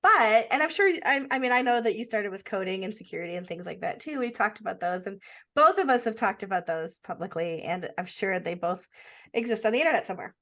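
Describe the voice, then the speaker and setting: A woman's voice: mid-range voice, expressive, fast, a bit bright. A woman co-hosting a podcast in casual chat, talking in a chatty, sing-song, self-deprecating way. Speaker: podcast co-host.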